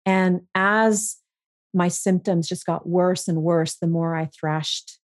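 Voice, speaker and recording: Frank, low-voiced woman guest. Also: takes it slowly, dry recording, studio quality. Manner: frank, profane, animated when quoting herself. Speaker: podcast guest. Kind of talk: candid storytelling interview.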